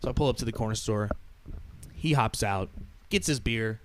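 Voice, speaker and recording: A man's voice: mid-range voice, a little fast, long pauses. A man hosting a podcast who tells a story in a sarcastic, profane rant. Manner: animated, sarcastic, swears often. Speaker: podcast host.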